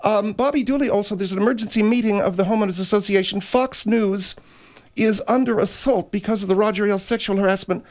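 A man on a comedic talk radio show, teasing the host in a deadpan way. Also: high voice, quick pace. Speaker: radio show staff member.

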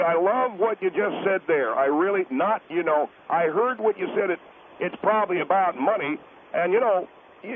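Man playing a high-voiced, pompous caller-in advocate on a thin phone line; lecturing, won't be cut off. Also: a little hiss or hum. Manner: pompous, insistent, lecturing, refuses interruption. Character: pompous middle-aged male taxpayer advocate. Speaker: caller guest.

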